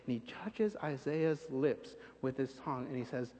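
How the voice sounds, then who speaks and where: A man preaching a sermon in a church sanctuary, animated, acting out scenes and repeating phrases for emphasis. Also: medium pitch, normal speed, hardly any pauses. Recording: dull recording with long church reverb.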